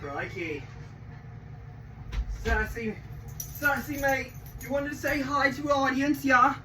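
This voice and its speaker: A man putting on a hushed, coaxing wildlife-show voice, saying crikey and mate. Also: very high-pitched, slow, recorded from a distance, a little hiss or hum, full character voice, low-quality recording.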